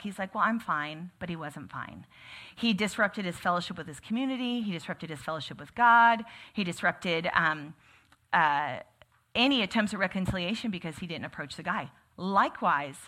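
A woman's voice: on the low side, pushed and bright. A woman teaching a church group in a casual, sermon-like way, speaking conversationally and often saying "like" and "right?". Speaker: church teacher leading a book study.

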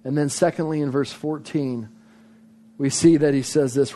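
A pastor preaching a sermon, emphatic, driving points home by repeating phrases. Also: male voice, on the high side, fairly even intonation, moderate pace, dark tone.

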